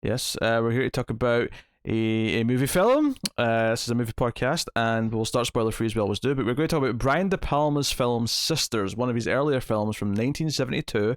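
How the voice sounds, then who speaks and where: A man's voice: medium pitch, animated, fairly quick, no room sound, studio quality. A man hosting a casual movie review podcast, rambling and correcting himself as he talks, often breaking into a laugh. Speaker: podcast host.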